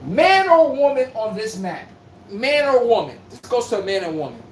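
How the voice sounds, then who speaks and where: A man riffing on basketball to his live-stream chat, trash-talking and swearing with big swings in pitch. He sounds set back from the mic in an echoey room, with faint background noise. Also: moderate pace, distant mic. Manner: animated, profane trash talk to chat. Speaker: sports podcast host. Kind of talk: live-stream sports talk.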